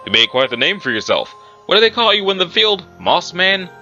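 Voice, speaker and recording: A man voicing an elderly, powerful male board member who speaks in a smooth, condescending, teasing way. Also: sits high, big pitch swings, fairly quick, bright, forceful tone, pitched above the performer's own voice, heavily acted. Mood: smug. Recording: muffled recording with background music.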